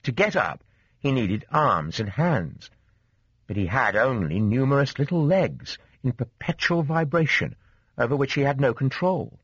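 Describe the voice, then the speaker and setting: A man narrating a classic story as an audiobook in an expressive, varied delivery. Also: medium pitch, unhurried, breathy edge, dry recording. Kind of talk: scripted narration. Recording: dull dry studio sound.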